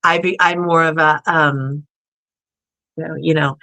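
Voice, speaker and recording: A woman's voice: low-pitched, fairly even intonation, unhurried, bright, forceful tone. A woman guest in casual conversation, chatty and acting out the people she quotes. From United States. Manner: chatty storyteller who acts out quoted people. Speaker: podcast guest.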